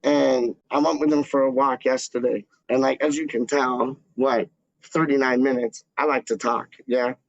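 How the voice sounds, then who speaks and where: Talking loosely to camera as a fan channel host, a man rambles in slang, leaning heavily on "like" and "dog" as fillers. His mid-range delivery is flat and moderately paced, and the recording sounds dry, dull, and lo-fi.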